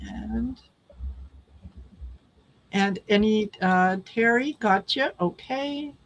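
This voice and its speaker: A woman's voice: medium pitch, drawn-out words, creaky, rough recording. A woman hosting a live tarot reading stream, chatting casually and calling out viewers by name. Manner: friendly, calls out viewer names.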